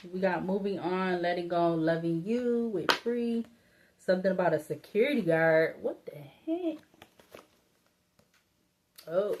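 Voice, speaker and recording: Low-pitched woman as a chatty tarot reader, mumbling through the cards and swearing casually. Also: noisy background. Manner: rambling, thinking aloud, laughing to herself; blunt and informal, cursing casually. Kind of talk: casual solo tarot reading.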